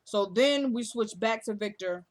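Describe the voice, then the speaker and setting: A woman's voice: fairly high pitch, measured pace. A woman walks through a TV episode in an easy, casual recap vlog, talking straight to the people watching. She retells the scenes and the characters' lines in her own chatty way, with plenty of asides to her viewers.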